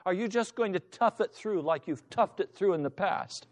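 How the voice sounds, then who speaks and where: High-pitched impassioned male preacher. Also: animated, normal speed, hardly any pauses. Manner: impassioned preacher, acts out shouting voices. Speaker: pastor. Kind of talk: sermon.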